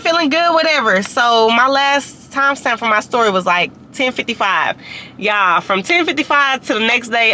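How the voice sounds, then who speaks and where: A woman's voice: on the high side, bright, forceful tone, a little hiss or hum. A young woman telling a casual storytime, chatty and full of slang and fillers. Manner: chatty, heavy use of "like" and slang. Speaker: vlogger.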